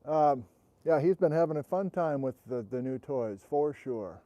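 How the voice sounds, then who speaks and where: A man's voice: a little high, expressive, normal speed, dark tone, dull audio. A man hosting a casual outdoor livestream, chatting and greeting viewers as he reads out where they are from, on a wireless mic. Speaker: host. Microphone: wireless transmitter and receiver.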